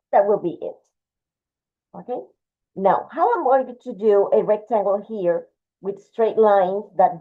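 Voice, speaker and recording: Woman art teacher, walks through the drawing step by step, thin phone-like sound. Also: medium pitch. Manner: patient, explains step by step, talks while drawing. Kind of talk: drawing lesson, demonstrating. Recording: tinny phone-like audio.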